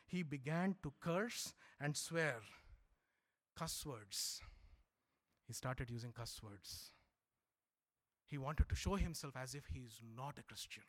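A middle-aged man from India, preaching a sermon and swinging from loud emphatic lines to low quiet asides.

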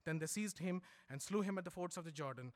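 A middle-aged man from India, preaching a sermon and swinging from loud emphatic lines to low quiet asides. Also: fast talker.

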